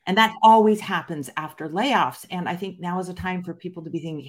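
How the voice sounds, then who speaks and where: A woman's voice: on the low side, fairly quick. A woman guest in a conversational interview, explaining her research fluently and with emphatic stresses.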